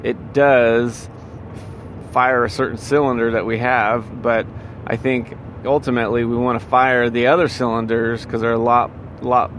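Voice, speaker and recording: A man's voice: medium pitch, level tone, a little slow, fairly bright tone, slight background noise. A man in a casual motivational monologue, rambling and full of fillers and restarts. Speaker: vlogger giving life advice.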